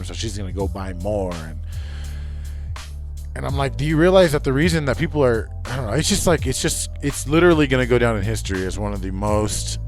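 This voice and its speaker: Rambling, swearing livestream guy. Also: on the low side. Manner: rambling, profane, restarts often. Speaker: livestream host. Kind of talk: casual livestream chat.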